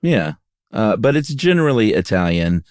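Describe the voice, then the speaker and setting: This podcast co-host has a fairly low, darkish voice and speaks at a moderate pace while being very animated. His casual chat is relaxed and full of jokes, with bits of invented tunes hummed along the way. The studio recording is clean and dry.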